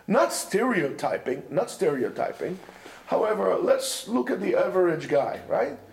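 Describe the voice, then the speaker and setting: A man lectures yeshiva students informally, chatty and animated, peppering his speech with Hebrew and Yiddish terms and a steady stream of "you know" and "right?". His voice sits high and creaky, his pace measured, and the room echoes.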